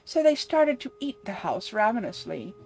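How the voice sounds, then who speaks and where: A woman voicing an evil but wise woman who reads a fairy tale in a measured storybook cadence. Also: medium pitch, very animated, a little mellow, slightly rough. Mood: storytelling. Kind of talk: voicing game dialogue.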